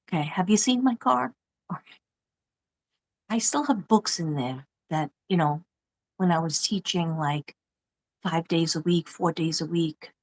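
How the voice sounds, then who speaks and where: Chatty New York woman, low voice. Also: poor audio. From Staten Island, New York. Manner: chatty, rambling, laughs often. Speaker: livestream host, former teacher. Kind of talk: casual livestream chat reading mail.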